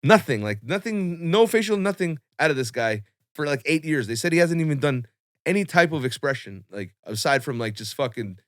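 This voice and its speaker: A young man telling a long personal story on a podcast in a casual, animated way, full of swearing and fillers. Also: fairly high pitch, brisk, dry recording, studio quality. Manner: animated, swearing, lots of fillers, acts out quotes.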